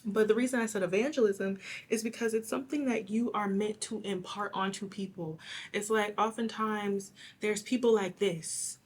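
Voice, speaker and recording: A young woman talks through a tarot reading in a loose, rambling way, leaning on "like" as she goes. Her mid-pitched voice sounds a little hoarse and raspy. A faint hiss sits under the recording. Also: fairly even intonation, normal speed. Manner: rambling and chatty, full of "like". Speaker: tarot reader. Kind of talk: casual one-on-one tarot reading.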